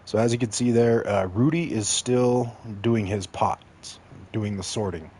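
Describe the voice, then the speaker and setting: A man's voice: lowish voice, a little slow, darkish tone, breathy edge. A man from Mexico giving casual, joking commentary while streaming a video game and talking straight to his chat.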